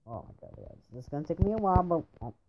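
A man's voice: fairly high pitch, big pitch swings, racing, vocal fry, a little mellow. A young man commenting on his own gameplay, frustrated and repeatedly exclaiming and groaning at his failures. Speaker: gamer. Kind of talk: gaming commentary. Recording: dull lo-fi home mic with faint hiss.

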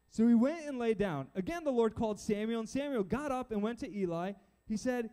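A man preaching a casual sermon to a youth crowd in a church with a balcony, animated and chatty as he acts out Bible figures. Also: high-pitched, a little fast. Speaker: youth pastor.

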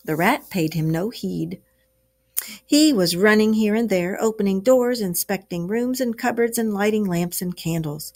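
Reading to a group of small children, this woman breaks off now and then to explain words from the story. Her mid-range voice is a little mellow and a little slow.

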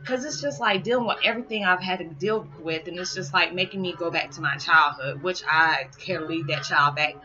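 A woman's voice: on the low side, fairly quick. Chatty middle-aged woman vlogging. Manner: chatty, laughs often, restarts and self-corrects. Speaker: spiritual vlogger. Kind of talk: casual rambling chat to camera. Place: at home. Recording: dull lo-fi sound with loud music behind. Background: meditation music playing.

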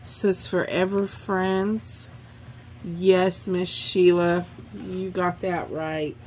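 A woman's voice: lowish voice, little pitch movement, extremely slow, a little mellow, a little hiss or hum. A woman hosting a craft channel, chatting casually and gushing over handmade cards she was sent. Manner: gushing, effusive. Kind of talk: casual unboxing chat.

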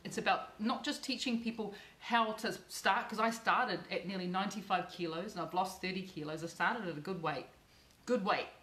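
A woman's voice: mid-range voice, fairly bright tone, reverberant. A middle-aged woman hosting a live cooking channel video, effusive and emotional, repeating words for emphasis.

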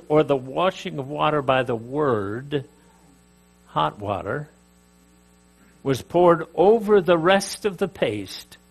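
An older man from Canada teaching a sermon, emphatic, rising and dropping in volume, with asides and jokes to his audience. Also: fairly high pitch. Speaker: preacher.

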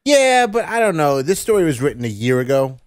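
A man co-hosting a comic book podcast who cuts in with quick jokes and questions. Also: fairly high pitch, big pitch swings, no room sound, studio quality. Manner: quick, jokey interjections. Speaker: podcast co-host. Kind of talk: casual chat.

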